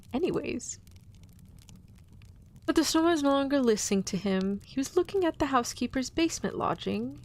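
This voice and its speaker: A woman's voice: on the high side, slight background noise. A woman vtuber hosting a stream, reading a story aloud with chatty, playful asides to her chat.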